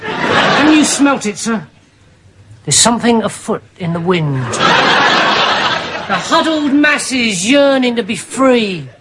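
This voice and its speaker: A man's voice: extremely high pitch, sing-song, over a noisy crowd, very noisy, full character voice. A man playing a dim, earnest army private in a studio sitcom, muddled and always saying sir. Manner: slow, muddled earnestness, says sir a lot. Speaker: soldier.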